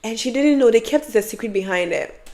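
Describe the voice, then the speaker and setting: A young adult woman vlogger giving advice and telling a storytime in an animated, emphatic way with lots of repetition. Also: fairly high pitch, a little fast.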